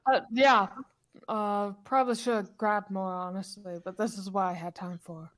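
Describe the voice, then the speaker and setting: A woman's voice: mid-range voice, fairly even intonation. A woman playing a tabletop game, speaking hesitantly as her character. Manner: hesitant, unhurried. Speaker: player.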